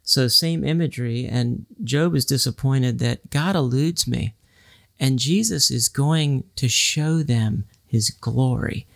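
A man on a podcast explaining scripture, quoting Bible passages at length in a relaxed study discussion. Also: mid-range voice, slow pace, vocal fry, dry recording, clean studio sound.

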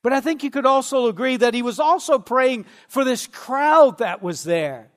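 A man preaching a sermon in a slow, earnest way, with dramatic pauses. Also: very high voice, animated, big-room sound. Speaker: pastor.

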